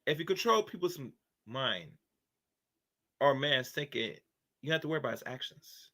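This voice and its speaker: A man's voice: mid-range voice, animated, moderate pace, bright, forceful tone. A man hosting a casual opinion commentary, rambling and preachy, with many fillers. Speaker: commentary channel host.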